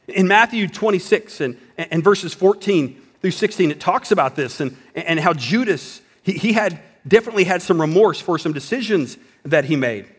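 A man preaching a sermon in a conversational style, dropping at times to a hushed voice for emphasis. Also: high-pitched, lively intonation, normal speed, hardly any pauses, slightly rough, big-room sound. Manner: conversational preaching with dramatic drops to a whisper. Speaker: pastor.

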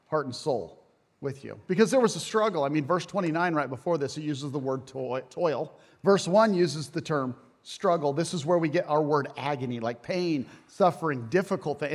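Pastor, male, slightly high voice, lively folksy preaching, long reverb from a church hall. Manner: animated, folksy preaching with asides and jokes. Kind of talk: sermon. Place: church sanctuary.

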